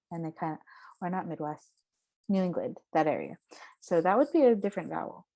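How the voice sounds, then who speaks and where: A woman's voice: low voice, normal speed, darkish tone. A woman giving a casual spoken lesson, explaining and demonstrating vowel sounds aloud. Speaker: voice teacher.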